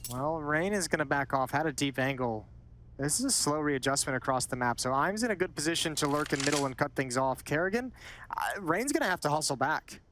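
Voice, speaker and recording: Fast-talking male esports analyst. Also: on the high side, expressive, a bit bright. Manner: quick, chatty analysis with repeated words. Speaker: esports commentator. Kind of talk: analytical color commentary. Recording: esports broadcast with clear background noise.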